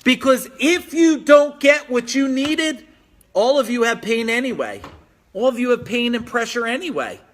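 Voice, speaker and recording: Hosting a motivational business live stream from home, a man reads viewer comments aloud and pushes them hard. His voice is extremely high-pitched at a normal speed, and he's energetic and pushy, repeating phrases for emphasis.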